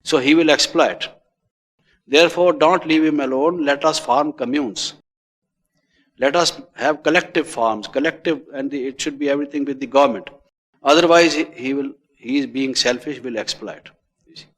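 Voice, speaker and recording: A man with an Indian English accent giving a spiritual lecture on meditation, stressing phrases and letting them fall away quietly. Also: a little high, normal speed. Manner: repetitive, emphatic, often trailing off quietly at phrase ends. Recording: long hall reverb.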